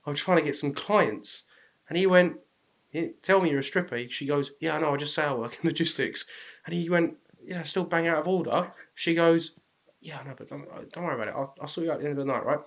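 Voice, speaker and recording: A man's voice: fairly high pitch, fairly bright tone. A young man with an English accent, co-hosting a podcast, telling stories in a laddish, slangy way and laughing often. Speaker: podcast co-host. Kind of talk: casual chat.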